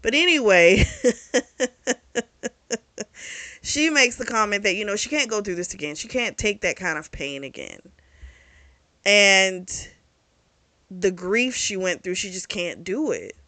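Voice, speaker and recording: A woman's voice: medium pitch, animated, takes it slowly, long pauses, pushed and bright. A woman casually recapping and reviewing a romance novel, chatty and frank, swearing freely. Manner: chatty and frank, swears freely, laughs at her own asides. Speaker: book reviewer. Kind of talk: casual book review chat.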